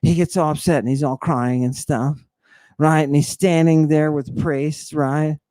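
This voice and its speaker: A man giving an informal slide lecture in an emphatic, teasing way, pausing for rhetorical questions and asking "right?" again and again. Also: fairly high pitch, fairly even intonation, dark tone, no room sound, clean studio sound. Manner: teasing, addresses the audience directly.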